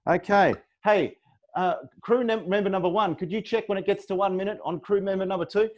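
A man hosting a livestream word game, energetic and often laughing as he counts down. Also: sits high, fairly quick, lo-fi sound. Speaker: livestream host.

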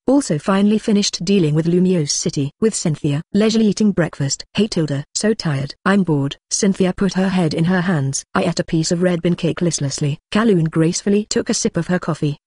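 A synthetic text-to-speech voice reading a translated web novel as an audiobook, with flat, even delivery that gives narration and dialogue the same tone. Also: mid-range voice, breathy edge, no echo, clean studio sound.

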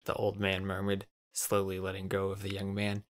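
A man narrating a scripted story in an even, measured read. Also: deep voice, dry recording, clean studio sound.

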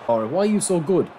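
A man giving excitable live commentary on his own football video game, reacting aloud and calling his viewers lads. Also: on the high side. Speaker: gaming channel host. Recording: noisy game sound mix.

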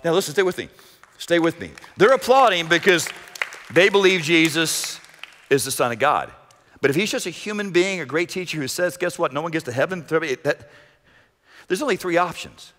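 A man preaching a sermon as pastor, dramatic, swinging between shouted lines and hushed low passages. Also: expressive, normal speed. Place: church sanctuary. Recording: echoey church hall. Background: long hall reverb.

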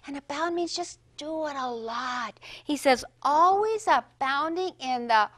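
A woman teaching a children's Bible lesson, speaking slowly and expressively and leading the children in call-and-response. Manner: slow, sing-song, highly expressive storytelling.

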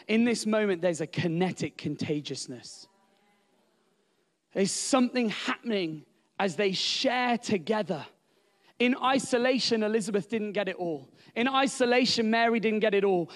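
A man preaching a sermon as pastor, animated and building to loud, emphatic exclamations. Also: extremely high pitch, dry recording.

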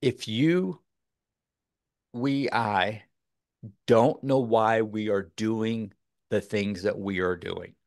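A man's voice: on the low side, extremely slow, pauses often, darkish tone, dry recording, studio quality. A man from Texas, a podcast guest, talking earnestly in a rambling way with many fillers. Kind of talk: casual interview talk.

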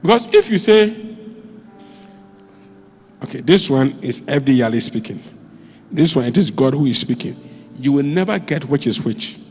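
Male pastor, animated storyteller, mid pitch, in a church hall with long reverb. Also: moderate pace, faint music behind. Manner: animated storytelling, with sudden jumps in pitch and volume. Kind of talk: sermon.

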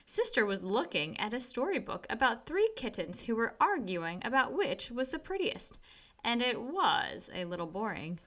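A woman reading a children's picture book aloud with gentle, expressive storytelling. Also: on the high side, moderate pace.

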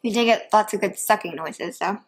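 A woman's voice: mid-range voice, brisk. A woman chatting casually between bites in a home eating video. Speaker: mukbang vlogger. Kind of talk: casual chat while eating.

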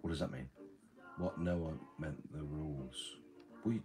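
A man's voice: rumbling low, normal speed, a little mellow, a little hiss or hum. A man hosting a livestream, rambling casually, reading chat and swearing freely.

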